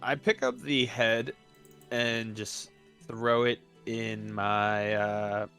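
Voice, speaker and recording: A man's voice: fairly low pitch, flat delivery, extremely slow, fairly bright tone, smooth, faint music behind. A man playing a tabletop role-playing game who chats casually and jokes around with the group. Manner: joking, playful banter. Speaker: player.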